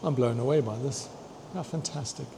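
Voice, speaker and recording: A man excitedly touring a fossil museum, chatting to his viewers and tripping over long names. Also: medium pitch, moderate pace, creaky, noisy background. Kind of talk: walking museum tour vlog. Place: indoor museum hall.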